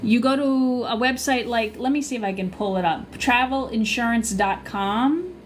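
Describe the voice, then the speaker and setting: A woman with a Long Island accent talks her viewers through cruise questions on a casual livestream. She is chatty and easily sidetracked, and her voice sits a little high. A faint hiss runs under the recording. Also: moderate pace. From Long Island, New York. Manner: chatty, loses her train of thought. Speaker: travel agent and cruise livestreamer.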